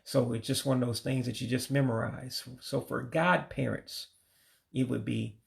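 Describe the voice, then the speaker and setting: A man teaching vocabulary from his studies, saying each word slowly and carefully and often correcting himself. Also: mid-range voice, fairly even intonation, gravelly. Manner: slow, careful word-by-word pronunciation with frequent self-corrections. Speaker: language learner teaching vocabulary. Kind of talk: informal vocabulary lesson.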